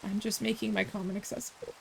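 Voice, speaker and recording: A woman's voice: mid-range voice, flat delivery, fast, vocal fry, a little hiss or hum. A woman streaming a game, chatting casually in a rambling way, with sarcastic asides. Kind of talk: casual gameplay chat.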